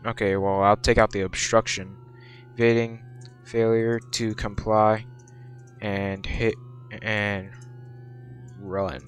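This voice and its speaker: Young male gamer as a patrol cop, slow delivery, orders and surprised outbursts. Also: fairly low pitch, level tone, a little hiss or hum. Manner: barks orders and exclaims in surprise. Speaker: gameplay video creator. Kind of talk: gameplay commentary while role-playing a police officer.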